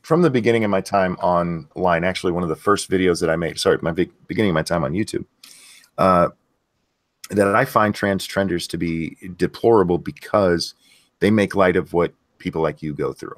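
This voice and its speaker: A man's voice: sits low, brisk, dry recording, studio quality. A man hosting a live stream, talking in a blunt, profane, casual way and reading chat messages aloud. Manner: blunt and profane, many fillers and restarts. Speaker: host of a live stream show.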